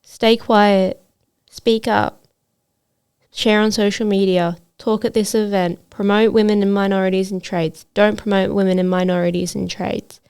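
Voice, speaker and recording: A woman's voice: mid-range voice, little pitch movement, a little slow, darkish tone, clear, resonant tone. A woman hosting a solo podcast as a trades coach, talking in an earnest, motivational way with frequent fillers.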